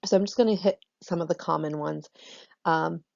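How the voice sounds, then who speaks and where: A woman teacher giving a recorded lesson on Shakespeare's meter, explaining in a relaxed way with frequent ums. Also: on the low side, moderate pace, vocal fry, no echo, dull audio.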